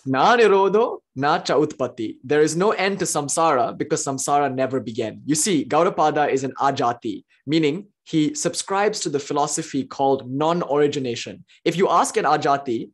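Animated, laughing spiritual lecturer. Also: medium pitch, fairly quick, hardly any pauses. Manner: animated, enthusiastic storytelling with frequent laughs; swings between excited exclamations and hushed asides. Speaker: spiritual teacher. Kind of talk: philosophy lecture.

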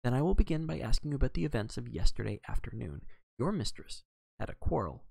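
A man reading aloud, voicing a fussy, precise elderly male detective who talks in a brisk, exacting way with French phrases. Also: medium pitch, very animated, vocal fry, mellow, slightly rough, dry recording, heavily acted. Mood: coaxing.

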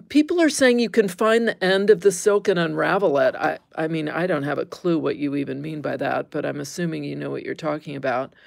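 A woman's voice: lowish voice, creaky, no room sound, studio quality. A woman hosting a casual craft livestream, chatting with viewers, easily amused and squeamish, laughing and exclaiming. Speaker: livestream host.

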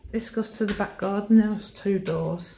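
A woman's voice: mid-range voice, vocal fry, mellow, a little hiss or hum. A woman giving a chatty house tour on her phone, admiring each room, often out of breath. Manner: chatty, admiring, slow, pausing with ums. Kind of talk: casual house tour narration.

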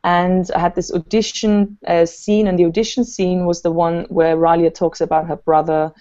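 A woman's voice: fairly low pitch, flat delivery, moderate pace, warm tone, lo-fi sound. A woman actress telling a long story in a casual interview, rambling and full of fillers. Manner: chatty, rambling, many fillers. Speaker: actress and guest. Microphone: video call.

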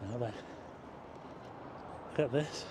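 This clip is very noisy: a man with a medium-pitched voice speaks slowly while leading a casual outdoor walking tour through town. As a travel vlogger, he chats with folks watching and reacts with exclamations to the sights.

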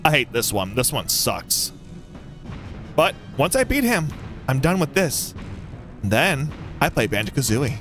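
Young male YouTuber doing playthrough commentary, animated pitch, quiet music underneath. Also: measured pace, pauses often. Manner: excitable, yelling and taunting the boss. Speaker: gaming YouTuber. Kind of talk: let's play commentary.

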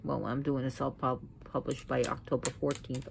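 A woman's voice: rumbling low, flat delivery, moderate pace, vocal fry, a little hiss or hum. A woman hosting her own channel, talking casually about mythology while setting up an altar at home, rambling and correcting herself as she goes. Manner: rambling, self-correcting, with sudden outbursts. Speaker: pagan video host.

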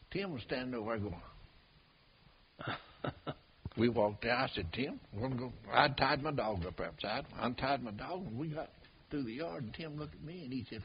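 An older bloodhound tracker spins folksy stories in casual conversation, laughing at his own tales. He speaks at medium pitch, expressively and at a moderate pace, pausing often. The recording is dull and lo-fi with hiss.

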